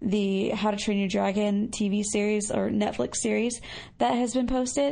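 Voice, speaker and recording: A woman's voice: fairly high pitch, gravelly, a little mellow. A woman podcast host chatting casually in reply to listener voicemails, upbeat and full of fillers. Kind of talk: casual chat reading listener messages.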